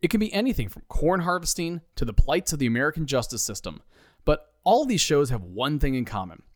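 A man's voice: on the high side, big pitch swings, fairly quick, no room sound. Wry male comedy narrator. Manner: dry, wry storytelling.

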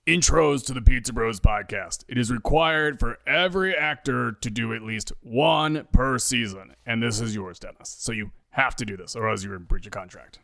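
An insistent boss, as a man plays him, repeating himself while pointing to the fine print. His voice is bright and gravelly with a lively swing, and the sound is dry. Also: mid-range voice, normal speed, few pauses, no room sound. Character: pushy male boss pointing to a contract.

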